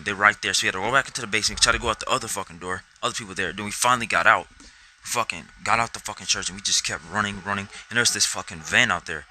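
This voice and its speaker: A man's voice: lowish voice, pushed and bright, a little hiss or hum, rough recording. A young man telling a rambling personal story to camera, swearing constantly and acting out his own reactions. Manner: rambling, heavy swearing, acts out quotes. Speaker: vlogger.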